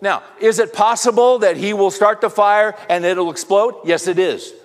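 A man's voice: high-pitched, normal speed. A middle-aged man speaking to a men's audience, telling rambling anecdotes in a conversational sermon and throwing rhetorical questions at the crowd. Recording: reverberant hall.

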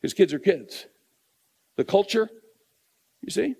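A man's voice: high voice, animated, slow pace, gravelly, dark tone, slightly rough, long reverb tail. Earnest middle-aged male preacher. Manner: earnest, conversational preaching with repeated phrases. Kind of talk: sermon.

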